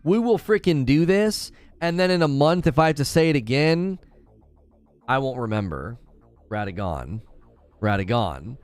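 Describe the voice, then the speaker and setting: A man hosting a gaming channel, chatting casually with a live audience in an animated, ranting way and stumbling over hard names. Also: on the high side, normal speed, clear, resonant tone. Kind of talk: casual live-stream chat, reading viewer comments.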